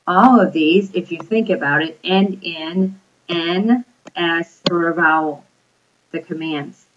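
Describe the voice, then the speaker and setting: A woman with a fairly low voice leads a grammar lesson, patient and explanatory, checking in with her listeners as she goes. The recording is dull and lo-fi. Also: slow, slight background noise. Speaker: Spanish teacher. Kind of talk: recorded classroom lecture.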